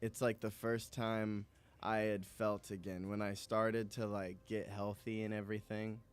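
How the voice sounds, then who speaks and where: A laid-back man talking softly and casually as a musician guest in a studio, with slangy asides. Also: fairly low pitch, flat delivery, a little slow, clean tone. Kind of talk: casual interview chat. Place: recording studio.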